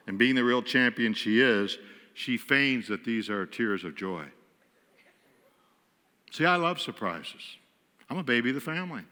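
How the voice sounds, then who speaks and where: A guest speaker from western New York tells wry, self-mocking stories about married life from the pulpit. His voice is bright and forceful. It rings with the long reverb of a church sanctuary. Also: medium pitch. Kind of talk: humorous storytelling sermon.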